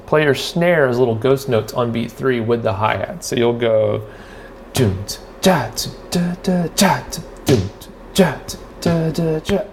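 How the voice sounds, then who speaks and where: A man's voice: medium pitch, creaky, slight background noise. A man hosting a drum podcast, giving a loose, rambling spoken lesson full of fillers and restarts. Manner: rambling, filler-heavy, loses and finds his thread. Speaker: drummer and podcast host.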